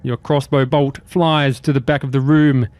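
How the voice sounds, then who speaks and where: A man running a tabletop game as dungeon master, giving calm, matter-of-fact rulings and narration. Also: mid-range voice, normal speed, dry recording.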